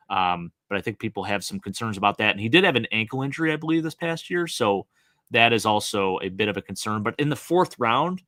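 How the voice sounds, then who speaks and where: A man from Western New York with a Buffalo accent, co-hosting a casual sports chat with eager, quick analysis. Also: fairly low pitch, sharp tone, dry recording, studio quality. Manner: enthusiastic, quick analytical talk with fillers. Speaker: co-host.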